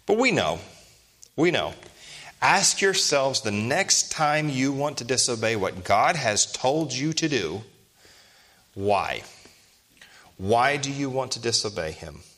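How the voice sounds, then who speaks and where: This pastor, a man in his thirties, has a mid-range voice with a sharp tone; he's very animated but takes his time. Preaching with emphasis, he poses rhetorical questions to his congregation and drives each point home.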